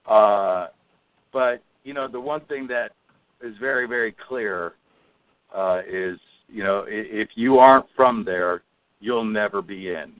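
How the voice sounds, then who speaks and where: A man's voice: fairly low pitch, unhurried, dry recording. A man, a band singer being interviewed, telling stories in a casual chat and acting out what people said. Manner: animated storyteller acting out quotes. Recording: tinny phone line.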